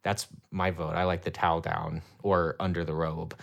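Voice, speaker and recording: A man's voice: sits low, level tone, moderate pace, gravelly. Enthusiastic man chatting on a podcast. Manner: enthusiastic, laughs easily. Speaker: podcast co-host. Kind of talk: casual chat.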